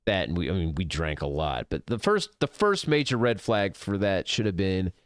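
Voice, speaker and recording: Guy streaming a game, swears a lot, rambles and gets worked up, smooth lively voice, dry sound. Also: sits low, moderate pace, dry recording. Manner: profane, rambling, gets heated. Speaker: gaming streamer. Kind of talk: casual rant over gameplay.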